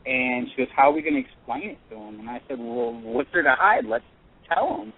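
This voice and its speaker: Halting male caller over a tinny phone line. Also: mid-range voice, big pitch swings, vocal fry, breathy edge. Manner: halting, earnest, full of pauses and restarts. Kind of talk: telling a personal story on a radio call-in.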